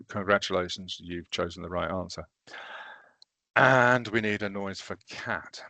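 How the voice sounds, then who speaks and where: Guy running a software demo for teachers, gravelly voice, chatty and a bit self-mocking, dry close sound. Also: deep voice, no echo. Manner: casual, chatty, self-deprecating while demonstrating step by step. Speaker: trainer demonstrating teaching software. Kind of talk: recorded online training session.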